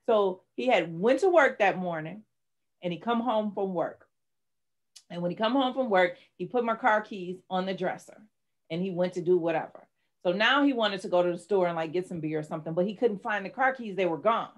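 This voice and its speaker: A woman's voice: medium pitch, fairly quick. A middle-aged woman, a life coach and author, telling her personal story candidly and with strong emotion in an interview. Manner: candid, emotional, dramatic retelling.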